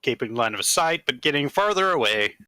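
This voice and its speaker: A man playing a tabletop game, his voice bright and sharp. He keeps asking questions and joking with the group, and the sound is close and dry. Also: medium pitch, expressive, brisk, no echo. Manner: questioning, playful. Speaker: player. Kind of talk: casual tabletop play.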